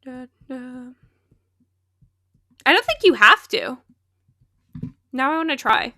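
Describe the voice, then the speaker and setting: Sing-song and high-pitched with a sharp tone, this young woman talks at a moderate pace. She's on a live stream, chatting casually while playing a game, and she's talkative, laughing frequently at her own comments.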